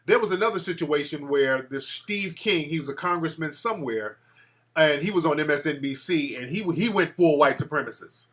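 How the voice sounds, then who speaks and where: A man hosting a call-in show, telling stories in a boastful, animated way and acting out quotes. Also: on the high side, moderate pace. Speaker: show host taking calls.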